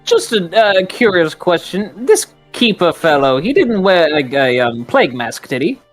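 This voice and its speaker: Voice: mid-range voice, big pitch swings, a little slow, faint music behind. A player in a tabletop role-playing game, speaking in character with quaint, old-fashioned phrasing.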